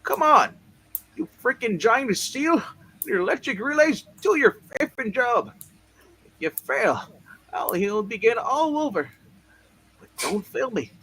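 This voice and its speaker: A man's voice: high voice, sing-song, unhurried, pauses often, fairly bright tone, full character voice. A man voicing a brash young male scientist, boastful and crude, swearing as he tells his story, with faint noise behind.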